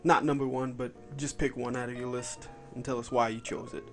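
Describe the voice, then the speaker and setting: A man's voice: mid-range voice, little pitch movement, brisk, soft background music. A man hosting a podcast, talking loosely and rambling as he runs the show. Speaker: podcast host. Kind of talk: casual podcast chat.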